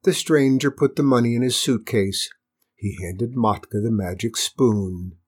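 A man reading a children's storybook aloud with expressive, lilting narration. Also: medium pitch, measured pace, husky.

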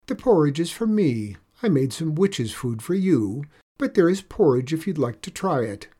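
Man voicing a kind, unruffled young girl, gentle and breathy. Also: a little high, sing-song, normal speed, pitched above the performer's own voice. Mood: calm. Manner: gentle and matter-of-fact, slightly raised voice. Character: calm, kind little girl. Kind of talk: storybook character voice.

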